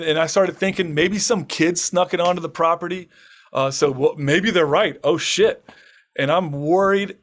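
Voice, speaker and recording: On a podcast, a high-pitched man who farms using permaculture and writes books shares a dramatic personal tale. He performs the dialogue of the people in it and keeps breaking into laughter.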